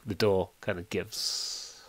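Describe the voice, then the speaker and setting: A man running a tabletop game as game master, hesitant and full of ums while working out the software. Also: sits low, level tone, slow, crowd noise. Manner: hesitant, lots of ums, talking through software trouble.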